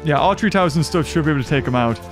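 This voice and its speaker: A man hosting a game playthrough, excitable and chatty, cheering on his game characters and laughing as he plays. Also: a little high, rapid-fire, music in the background. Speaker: gaming channel host. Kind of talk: let's play commentary.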